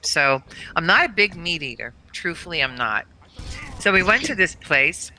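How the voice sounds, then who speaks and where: Bright-voiced middle-aged woman telling stories. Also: on the low side, moderate pace. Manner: animated, laughs through her anecdotes. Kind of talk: casual storytelling chat.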